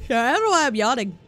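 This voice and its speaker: A woman streamer giving live commentary while playing a video game, excitable and swearing, dropping to low mutters and then bursting into loud cheers.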